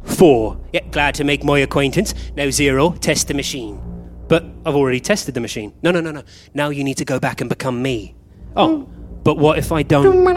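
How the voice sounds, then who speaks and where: A man playing a flustered, bickering time traveller. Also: fairly high pitch. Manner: bickering, quick confused back-and-forth. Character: flustered male time traveller meeting copies of himself. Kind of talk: live comedy stage play. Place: theatre stage, recorded live.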